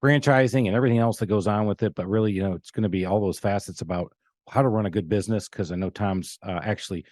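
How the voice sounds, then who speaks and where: Talking fast in a lowish, slightly mellow voice, a middle-aged podcast host trades jokes and laughter with guests on his casual business show. The studio recording is free of room sound, and the exchange is loose banter.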